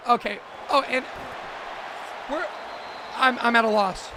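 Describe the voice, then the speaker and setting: A man streaming a video game, giving excited play-by-play commentary and exclaiming loudly at big moments. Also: high voice, normal speed, pauses often, slight background noise. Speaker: gaming streamer.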